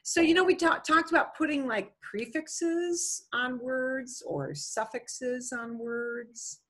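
Middle-aged woman teacher, bright husky voice, chatty explainer for an online class. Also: sits high, animated, slow. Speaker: Spanish teacher.

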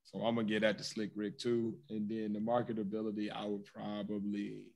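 A man co-hosting a podcast, giving blunt, profane opinions in relaxed slang. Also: on the low side, fairly quick, gravelly. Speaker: podcast co-host. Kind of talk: casual debate chat.

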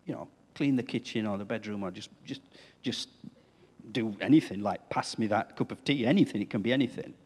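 A man's voice: on the low side, fairly quick, a little mellow, breathy edge, long reverb tail. A man preaching a sermon as pastor, talking conversationally and putting questions to the congregation. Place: church.

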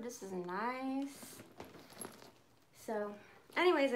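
A middle-aged woman chatting excitedly and frankly on a live phone stream from her home shed. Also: high voice. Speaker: purse vlogger. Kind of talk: casual live-stream chat. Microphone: phone camera.

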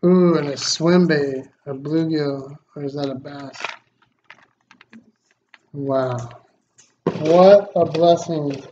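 Casual vlog host, male, slow, excitable and grateful; dull lo-fi recording. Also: on the high side. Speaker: fishing channel host. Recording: slightly dull lo-fi sound, faint noise.

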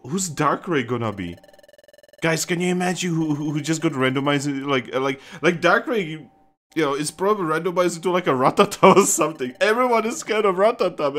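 A let's play commentator with a mid-range voice gives casual gameplay commentary, excitable and often swearing and laughing.

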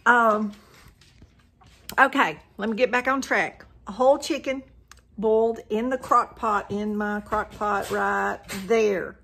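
A woman's voice: on the high side, a bit bright, a little hiss or hum. An older woman with a Southern country accent, chatting casually in her home kitchen as she cooks, often saying "y'all". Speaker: cooking vlogger. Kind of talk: casual cooking chat to camera.

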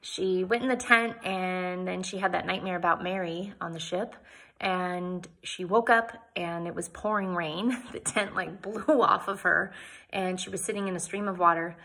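Bright, husky woman reading a novel aloud. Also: lowish voice, normal speed. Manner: casual asides between read passages, voices the characters. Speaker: book reader.

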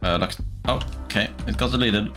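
A man streaming a game in casual commentary, excitable, swearing often and laughing a lot. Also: on the low side, fairly quick. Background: game music.

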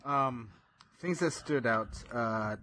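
A man in his thirties with a husky voice, recorded close and dry. He tells stories in a laid-back podcast chat, full of fillers, his voice often drifting quiet. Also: mid-range voice, slow pace, no room sound. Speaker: podcast co-host. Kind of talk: casual chat.

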